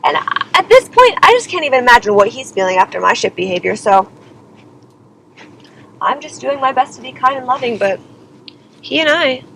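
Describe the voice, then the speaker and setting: A woman's voice: high voice, sing-song, moderate pace, creaky, pauses often, fairly bright tone, slight background noise, low-quality recording. A young woman singer telling a personal story in a dramatic, exasperated way, often saying "like" and "okay?". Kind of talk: confessional storytelling vlog.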